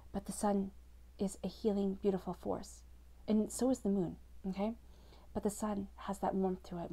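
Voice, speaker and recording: Gravelly-voiced woman giving a tarot reading. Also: mid-range voice, warm tone. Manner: flowing, reassuring, addresses listener directly. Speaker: tarot reader. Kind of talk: scripted-free spoken tarot reading to camera.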